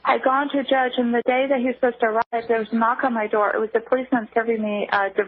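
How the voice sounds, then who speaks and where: A woman guest speaking on a phone line in a radio interview, halting, with many restarts. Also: a little high, flat delivery, no room sound. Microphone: telephone. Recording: tinny phone line, dry.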